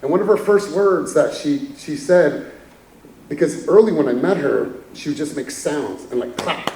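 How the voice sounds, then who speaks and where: Guy giving a pep talk on stage, kinda gravelly, laughs a lot, roomy hall sound from far off, faint hum behind. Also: on the high side, animated, moderate pace, a little mellow. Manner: candid, chuckling storyteller. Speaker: keynote speaker. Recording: echoey hall from afar.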